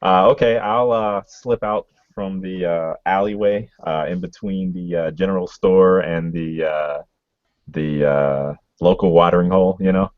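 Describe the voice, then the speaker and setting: A man's voice: low-pitched, fairly even intonation, measured pace, no echo. A man playing a tabletop role-playing game, rambling and heavy on fillers. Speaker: player. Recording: dry, slightly muffled recording.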